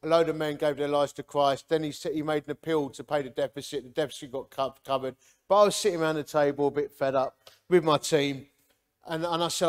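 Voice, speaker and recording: A man's voice: on the high side, fairly quick, clear, resonant tone. A man from the Romford area, a ministry leader giving a humorous, chatty preaching testimony. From Romford area, England. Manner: chatty, animated storyteller.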